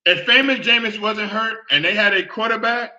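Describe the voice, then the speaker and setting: Hosting a casual sports talk show, a man speaks in a high, very bright voice at a moderate pace. He's animated, repeats himself, and keeps checking in with the listener, though the recording sounds dull and lo-fi.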